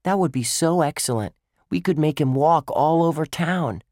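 A man's voice: fairly high pitch, moderate pace, a little mellow, no echo, clean studio sound, pitched above the performer's own voice, close to an everyday voice. A man doing a know-it-all young boy. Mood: eager. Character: quick-witted young boy detective.

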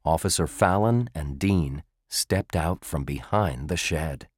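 A man narrating a children's chapter book in a measured, expressive storytelling manner. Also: a bass voice, husky, no room sound, clean studio sound. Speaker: audiobook narrator.

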